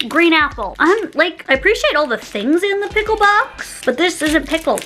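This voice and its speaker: Giggly high-voiced young woman vlogger. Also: bright, forceful tone. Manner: giggly, gushing, lots of exclamations. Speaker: YouTuber taste-testing snacks. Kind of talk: casual unboxing chat.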